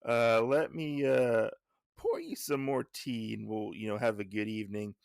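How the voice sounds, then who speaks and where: A kindly old mother, voiced by a man, speaks gently and welcomingly. The voice stays gravelly and barely raised, with a dry close sound. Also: medium pitch, lively intonation, normal speed, no echo. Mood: gentle.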